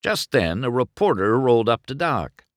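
A man reading a children's storybook aloud in an expressive, unhurried way. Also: medium pitch, no room sound, studio quality. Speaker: storybook narrator.

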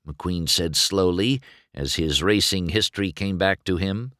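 Male storybook narrator, low and unhurried, lively inflection, dry close sound. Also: dry recording. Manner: slow, expressive read-aloud. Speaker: storybook reader.

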